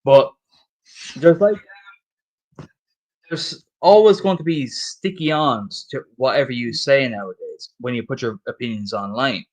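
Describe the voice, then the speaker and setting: A man's voice: medium pitch, unhurried, long pauses, darkish tone, rough recording. Drunk Irishman rambling and swearing. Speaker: guest on a football stream. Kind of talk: casual chat.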